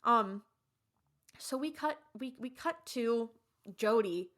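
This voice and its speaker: A woman's voice: a little high, slow. A young woman co-hosting a podcast, casually retelling an episode scene by scene and acting out the characters' lines. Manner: animated retelling with acted-out quotes. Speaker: podcast co-host.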